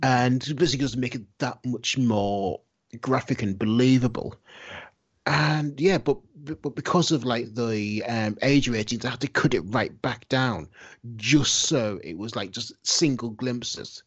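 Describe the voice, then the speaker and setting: A man's voice: mid-range voice, unhurried, husky. A man on a podcast panel, sharing film anecdotes in a knowledgeable, casual way. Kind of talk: casual chat. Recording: dull lo-fi sound.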